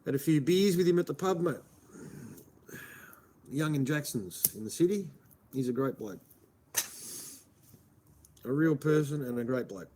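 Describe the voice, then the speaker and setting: A man's voice: fairly high pitch, animated, a little slow, pauses often, mellow, slight background noise. A man from Melbourne with an Australian accent, chatting casually on a livestream, rambling and answering his chat. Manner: rambling, answers chat, says "mate" a lot. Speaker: live streamer.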